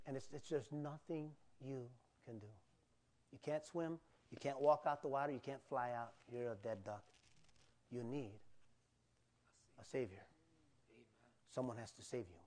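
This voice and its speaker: A male pastor tells a personal story during his sermon at church, with lively acted-out cries and asides to the people listening. He speaks at medium pitch, slightly slowly, with long pauses.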